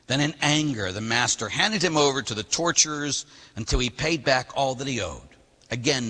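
A priest preaching a sermon, lively and animated, acting out voices from the story he reads. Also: mid-range voice, slightly rough. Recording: long reverb of a large hall.

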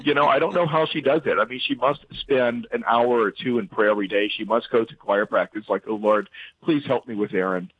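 A man's voice: medium pitch, breathy edge, no echo. Man on a tinny line. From central Louisiana. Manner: animated, halting with restarts and fillers. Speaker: interview guest. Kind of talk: casual faith interview. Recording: tinny phone-like line, dry.

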